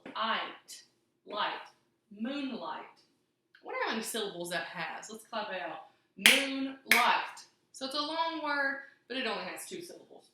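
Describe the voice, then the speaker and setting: A young woman teaching a phonics lesson to small children, slowly sounding out each word. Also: medium pitch, sharp tone, slight background noise. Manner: slow, clear sounding-out of words. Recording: very echoey room.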